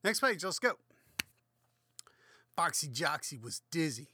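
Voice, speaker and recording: A man's voice: a little high, sing-song, a little slow, pushed and bright, breathy edge. Tipsy man reading a kids' book crudely. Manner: crude, rambling, swearing asides. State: a little drunk. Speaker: host reading a children's book aloud. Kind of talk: comedic book reading with commentary.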